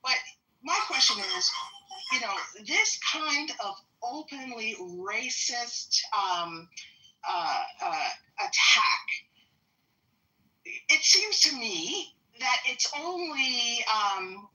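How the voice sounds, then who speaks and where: A woman on a panel stream, asking probing questions in a halting way. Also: a little high, animated, bright, forceful tone, far from the mic, rough recording. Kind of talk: casual panel talk.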